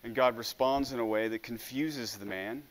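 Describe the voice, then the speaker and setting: A man's voice: medium pitch, normal speed. A man preaching a sermon in an earnest way, often stumbling over the first word of a phrase. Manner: earnest, with frequent stammered restarts.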